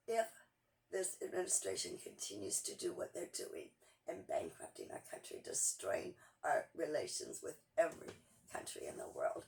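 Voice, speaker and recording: A woman's voice: low voice, gravelly. A woman giving a frustrated, urgent political monologue, repeating phrases as she pleads and rails. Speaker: political commentator.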